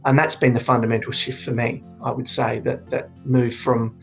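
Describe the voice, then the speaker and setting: A man in his forties giving candid, earnest personal testimony, reflective and halting with frequent restarts. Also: medium pitch, flat delivery, creaky, soft background music. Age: 40s. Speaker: suicide prevention speaker.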